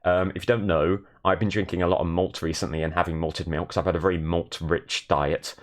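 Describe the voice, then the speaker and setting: A young man streaming from his bedroom in a shared flat, chatting casually and self-deprecatingly and thanking viewers. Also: low-pitched, a little fast. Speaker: Twitch streamer. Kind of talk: casual live stream chat.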